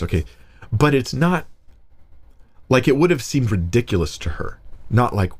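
A man, a pastor, explaining a Bible passage in a casual, conversational way, reading verses aloud and getting animated when he paraphrases. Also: mid-range voice, normal speed, pauses often.

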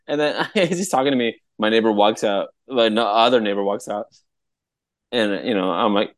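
Animated man telling a story. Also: moderate pace. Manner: animated, laughs often, jumps to a high voice when quoting people. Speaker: podcast co-host. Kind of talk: casual storytelling chat.

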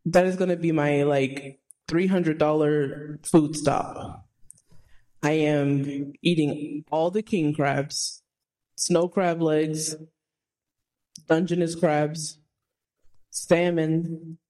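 A woman raised in Texas, co-hosting a podcast and chatting in an enthusiastic, excitable way. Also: low voice, very slow, pauses often. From Texas, United States. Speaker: podcast co-host. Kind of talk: casual chat.

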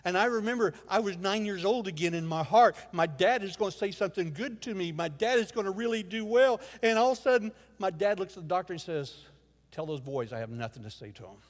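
Guy preaching a sermon, kinda high voice, goes quiet then loud, big reverby church hall. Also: fast, hardly any pauses. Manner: emotional storytelling, swings from hushed to loud exclamations. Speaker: guest preacher. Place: church sanctuary.

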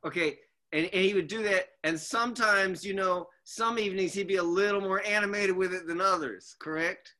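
A man with a high, bright voice leads a casual chat and tosses questions to his guests. He talks with easy hesitations and fillers as he remembers. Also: moderate pace, few pauses. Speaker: host leading a musicians' reminiscence.

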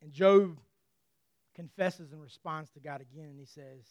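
A man delivers a sermon in an earnest, conversational way with touches of humor. His voice is high and smooth, and it sounds dry and close. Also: moderate pace, no room sound. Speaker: preacher.

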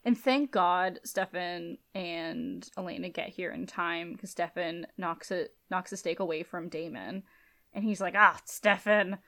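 A woman co-hosting a podcast, casually recapping a TV episode and acting out characters' lines in a lowered, quiet voice. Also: unhurried. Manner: animated retelling, acts out lines in low soft voices. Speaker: podcast co-host.

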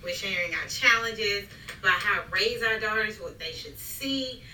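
A woman's voice: medium pitch, moderate pace, pushed and bright. A woman, a mother, chatting animatedly about raising her daughter and acting out what she says. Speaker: mother sharing parenting stories. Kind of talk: casual family chat. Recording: echoey room, mic at a distance.

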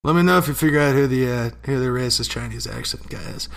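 A man's voice: medium pitch, quick pace, vocal fry, fairly bright tone. A young man co-hosting a podcast in casual banter, laughing often and swearing freely while he jokes. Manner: laughs a lot, profane, joking. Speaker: podcast co-host.

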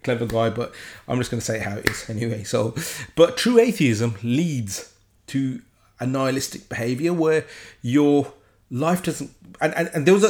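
A man giving an informal, earnest Bible study, getting excited, talking with many restarts and self-deprecating asides. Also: medium pitch. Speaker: Bible teacher.

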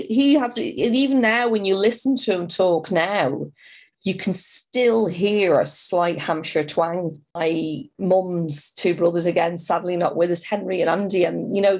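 A middle-aged woman with a Dublin Irish accent that has picked up a Liverpool tinge, talking in a relaxed interview. She tells stories in a lively, conversational way, slipping into other people's voices and often restarting her sentences. Her voice sits a little low for a woman. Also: gravelly. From born in England, raised in Dublin. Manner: animated, acts out voices in her anecdotes, frequent restarts. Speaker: interview guest. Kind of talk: conversational storytelling.

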